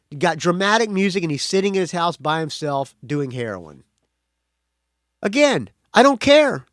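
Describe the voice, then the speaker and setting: A male podcast host delivers a casual, blunt, profane movie review monologue, often restarting his sentences. His voice is high, recorded dry and at studio quality.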